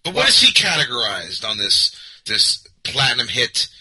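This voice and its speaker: Husky, very bright-voiced man. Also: mid-range voice, very animated, moderate pace, rough recording. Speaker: podcast co-host. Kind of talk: casual chat.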